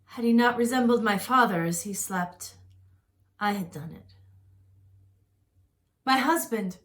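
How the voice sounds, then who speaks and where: A woman's voice: a little high, unhurried, a bit bright. A woman playing Lady Macbeth, a bold scheming noblewoman, tense and urgent and dropping to whispers, in an amateur Shakespeare reading.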